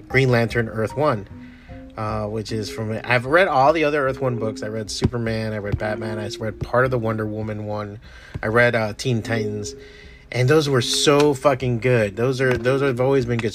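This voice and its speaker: Chatty man, loose profane vlog talk, bursts of excitement then mumbles, soft music under. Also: lowish voice. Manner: profane, enthusiastic, trails off into mumbles. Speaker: comic artist streamer. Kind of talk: casual rambling chat.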